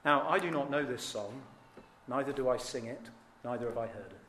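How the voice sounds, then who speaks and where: A man preaching a sermon, earnest and emphatic, with dramatic rises in pitch and volume. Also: a little fast, pushed and bright, a little hiss or hum. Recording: echoey hall.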